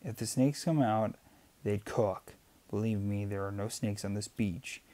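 A man's voice: fairly low pitch, unhurried, mellow, lightly acted. A man voicing a confident father who firmly reassures his anxious wife. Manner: firm, reassuring.

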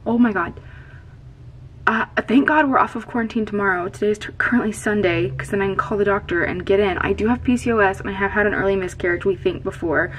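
Woman vlogger, mid pitch, hushed near-whisper, rambly, in a small closet. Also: quick pace, few pauses, a little hiss or hum, low-quality recording. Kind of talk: hushed personal vlog. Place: small closet in her bathroom.

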